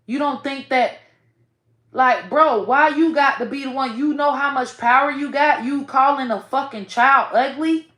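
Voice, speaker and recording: A woman giving blunt, profane commentary with sudden loud outbursts. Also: sits high, unhurried, reverberant. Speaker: online commentator. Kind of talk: casual commentary.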